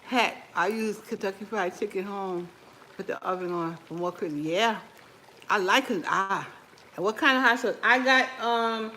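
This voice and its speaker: A woman's voice: mid-range voice, normal speed, sharp tone, slight background noise. Chatty woman eating on a home cooking vlog. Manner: chatty, laughs often, talks while eating. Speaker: cooking vlogger. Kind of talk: casual chat to viewers while eating. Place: home kitchen.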